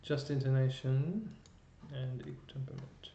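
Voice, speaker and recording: A man's voice: medium pitch, normal speed, mellow. Male music teacher, explanatory, thinks aloud, roomy dull lo-fi recording. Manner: explanatory, thinking aloud while working a computer. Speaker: chorus music educator. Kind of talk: online music lesson. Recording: roomy, dull lo-fi sound with faint noise.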